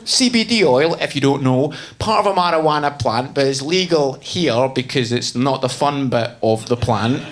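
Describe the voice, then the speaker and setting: A man's voice: fairly high pitch, expressive, normal speed, few pauses, background noise. Self-mocking male stand-up storyteller. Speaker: stand-up comedian. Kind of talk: stand-up comedy set. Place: comedy stage before an audience.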